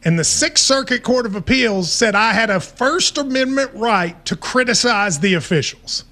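A man's voice: very high voice, expressive, normal speed, sharp tone. A man hosting a sports radio show, wry, self-assured and teasing in casual talk.

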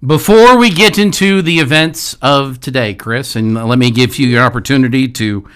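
A man's voice: medium pitch, normal speed, a bit bright, clear, resonant tone. A man hosting a sports radio talk show, emphatic and playful as he rallies listeners. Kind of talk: casual sports radio banter.

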